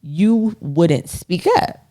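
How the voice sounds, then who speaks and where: A woman co-hosting a podcast, speaking in a direct, candid way with some gentle teasing. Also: on the low side, lively intonation, drawn-out words. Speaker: podcast co-host. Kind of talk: casual relationship chat.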